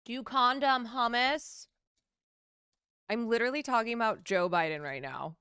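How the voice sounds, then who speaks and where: Sarcastic, profane woman streamer, slow delivery. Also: a little high, lively intonation, a bit bright, clear, resonant tone, no room sound, clean studio sound. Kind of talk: casual stream rant to chat.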